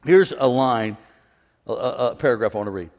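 A middle-aged man preaching a sermon as pastor, animated, swinging from loud excitement down to hushed calm. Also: medium pitch, brisk. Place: large church hall with an audience. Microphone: wireless stage mic. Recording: long hall reverb.

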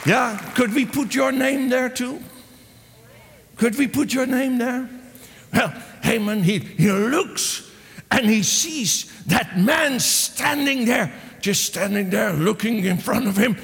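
Preacher guy, high gravelly voice, stumbles and repeats a lot, big hall echo. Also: slow, a faint crowd. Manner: animated, repeats himself, restarts often. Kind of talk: sermon storytelling.

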